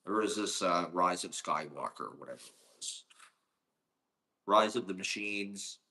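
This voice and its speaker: A man's voice: low-pitched, animated, unhurried, bright, forceful tone. A man from Ohio delivering a casual, rambling monologue, profane and sarcastic.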